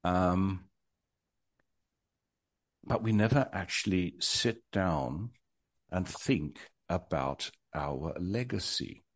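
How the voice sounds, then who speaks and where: A man's voice: deep voice, extremely slow, long pauses, dry recording. A man in his sixties, answering interview questions in a reflective, hesitant way with many ums and wry humor. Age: 60s. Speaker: guest.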